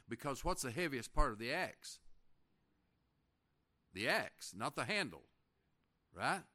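A man preaching a folksy sermon, reading scripture slowly and asking the congregation questions. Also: medium pitch, bright, forceful tone. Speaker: pastor.

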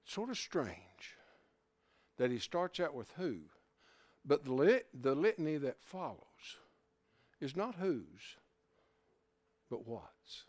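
Older male preacher, folksy sermon, lively swoops from whisper to shout. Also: mid-range voice, takes it slowly, pauses often, no room sound. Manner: folksy, swings from hushed asides to loud shouts.

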